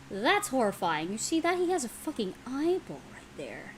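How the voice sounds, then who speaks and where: Excitable swearing young woman, lively voice. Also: fairly high pitch, moderate pace, slight background noise, low-quality recording. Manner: excitable, swears a lot, gasps and exclaims. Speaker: YouTuber reacting to a comic dub. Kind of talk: casual reaction commentary.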